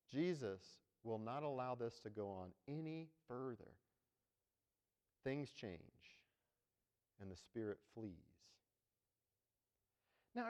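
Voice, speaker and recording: A man's voice: mid-range voice, a little mellow. A man preaching a sermon as pastor, talking to the congregation conversationally and checking in with "right?". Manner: conversational, tags points with "right?". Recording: long hall reverb.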